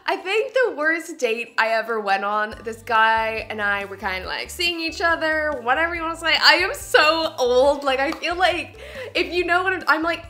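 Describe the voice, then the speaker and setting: A woman's voice: high-pitched, normal speed. A young woman from Canada in her twenties, chatting to camera for her vlog and telling embarrassing stories with lots of giggles. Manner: giggly, animated storytelling. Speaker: beauty vlogger. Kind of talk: casual chat to camera.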